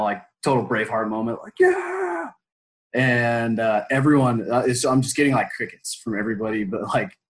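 A man in his twenties telling a story as an interview guest, animated and full of fillers, bursting into loud quoted pep talks. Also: medium pitch, rough recording. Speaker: former college baseball player, guest.

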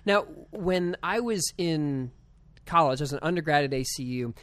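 A young man hosting a podcast, telling stories in a joking, animated way. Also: on the high side, moderate pace, no room sound. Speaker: podcast host. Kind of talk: casual podcast conversation.

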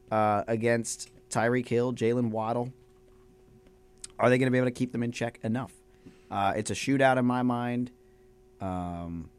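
A young man co-hosting a college sports radio show in a studio, joking around and animated. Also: medium pitch. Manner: joking, nervous-sounding picks, animated. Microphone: studio microphone with headphones.

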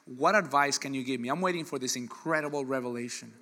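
A man preaching a sermon in an animated, joking way, with sudden loud bursts. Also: medium pitch, fast. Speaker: pastor.

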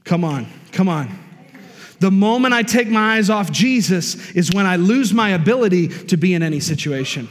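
A man's voice: sits high, animated, normal speed. A male pastor preaching a sermon with emphasis, breaking off for "amen" and "come on" asides to the congregation. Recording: long reverb of a hall.

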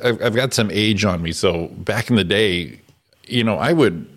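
Low-voiced laughing morning show host. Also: male voice, moderate pace. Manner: laughs often, swinging playful delivery. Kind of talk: casual morning show banter.

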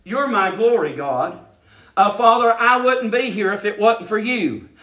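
A man preaching an impassioned sermon, his voice swinging from hushed tones to shouting, with frequent stammering restarts. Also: high-pitched, lively intonation, a little slow, roomy sound.

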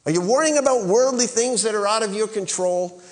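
A male pastor's sermon rises to emphatic high points as he urges the congregation to respond. His voice is high-pitched and fairly quick, with a big-room sound.

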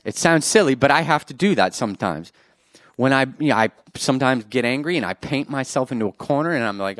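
Guy preaching, super animated, jumps loud then goes soft, dry close sound. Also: medium pitch, brisk, no echo. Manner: animated, swings between loud exclamations and soft asides; jokes with the congregation. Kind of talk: sermon.

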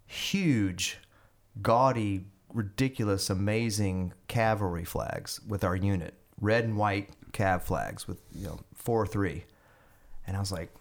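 A man, a guest on an interview podcast, telling long animated stories with lots of fillers and restarts. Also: fairly low pitch, a little slow. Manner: rambling, animated storytelling with many fillers and restarts. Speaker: guest musician and army veteran. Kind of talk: casual storytelling interview.

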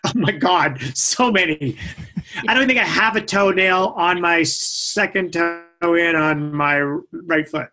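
A man's voice: on the high side, pushed and bright. A man on a podcast as a guest athlete, answering questions casually and poking fun at himself. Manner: quick, self-mocking answers. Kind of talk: casual interview chat.

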